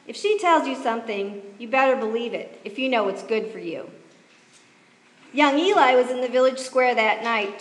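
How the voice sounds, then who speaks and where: A woman narrating a church pageant in a lively, folksy storytelling manner. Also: high-pitched. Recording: echoey church hall, reverb.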